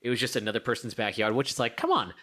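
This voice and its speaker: On a casual podcast, a young male co-host races through a story in a medium-pitched voice. He's animated, laughs often and does voices for the characters.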